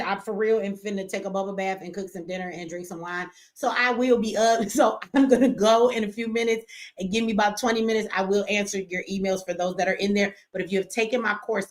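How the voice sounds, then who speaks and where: A woman's voice: mid-range voice, a bit bright. A woman hosting a casual live stream from home, chatty and slangy, cussing and reading viewer comments aloud. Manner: chatty, slangy, cusses and laughs often.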